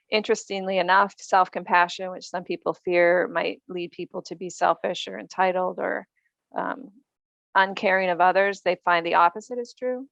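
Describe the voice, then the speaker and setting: A woman's voice: fairly low pitch, fairly bright tone, no echo. A woman guest author in a podcast interview, explaining earnestly with frequent ums.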